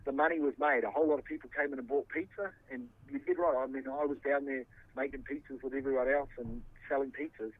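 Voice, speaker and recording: Man, defensive and profane, halting delivery, mid-pitched voice heard over a narrow, tinny phone line. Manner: defensive, swearing, halting restarts. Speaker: interviewee. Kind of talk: heated phone interview.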